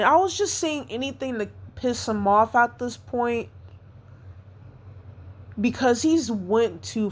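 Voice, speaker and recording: Slow-talking hurt woman venting. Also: mid-range voice. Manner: hurt, rambling, repeats herself. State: upset, devastated. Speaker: podcast host. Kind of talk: personal venting monologue.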